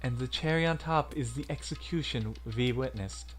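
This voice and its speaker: A man voicing a cool-headed teenage girl who reasons calmly and soberly. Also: medium pitch, faint music behind, close to an everyday voice. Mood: grave. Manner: calm, measured, analytical.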